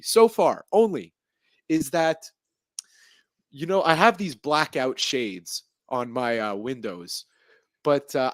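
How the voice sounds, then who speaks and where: Podcast host, male, chatty and animated, slightly high voice, dry close mic. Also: no echo. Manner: chatty, animated, self-deprecating, quick asides. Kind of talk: casual sports podcast chat and sponsor reads.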